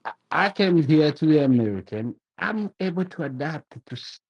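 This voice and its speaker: A man's voice: fairly high pitch, lively intonation, moderate pace, gravelly, husky, no room sound. Insistent Kenyan man on a muffled phone line. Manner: insistent, repeats words to cut in. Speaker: caller. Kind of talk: heated call-in argument.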